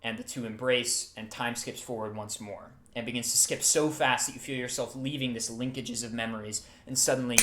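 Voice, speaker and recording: A man's voice: medium pitch, fairly bright tone, slight background noise. A man narrating as game master of a tabletop game, storytelling dramatically with restarts. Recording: roomy echo, faint music.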